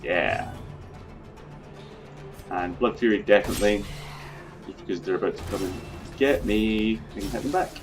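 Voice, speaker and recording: A man's voice: fairly low pitch, normal speed, pauses often, music in the background. A man casually commenting on his own gameplay, chatty, swearing freely and talking through his plans. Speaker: video game let's player.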